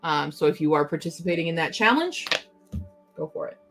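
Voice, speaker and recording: A woman's voice: low-pitched, animated, a little fast, over music. A young woman hosting a casual livestream from home, chatting and giggling as she answers her chat aloud. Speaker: livestream host.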